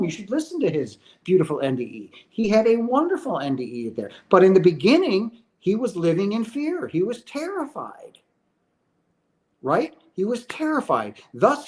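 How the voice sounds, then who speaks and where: A man's voice: high voice, a little mellow. A middle-aged man hosting a question-and-answer video, speaking in an earnest, emphatic way and often checking in with "right?". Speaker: host answering viewer questions. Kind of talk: casual spiritual talk.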